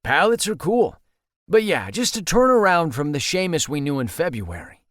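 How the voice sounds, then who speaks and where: A man's voice: fairly high pitch, very animated, moderate pace, fairly bright tone, no echo, clean studio sound, pitched above the performer's own voice. A man voicing a young man, an easygoing friend who teases his buddy in an audiobook. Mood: teasing.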